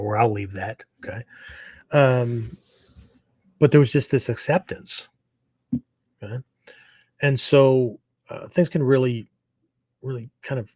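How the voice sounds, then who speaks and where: Husky-voiced man lecturing in loose talk. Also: mid-range voice, darkish tone, no room sound. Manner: meandering, with many fillers and tag questions. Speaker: martial arts teacher and show host. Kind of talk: casual spoken lecture.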